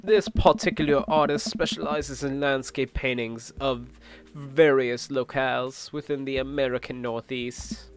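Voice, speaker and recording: A man voicing a calm, learned teacher dad in a dating game, explaining things in a measured way. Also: medium pitch, natural voice.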